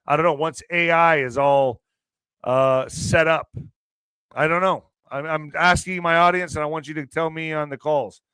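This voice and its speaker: Brief: man, show host, bright and crisp, dry close sound, joking, profane, emphatic. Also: a little high, fairly even intonation, normal speed, no room sound. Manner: joking and profane, laughs often; loud bursts of emphasis. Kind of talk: casual news commentary.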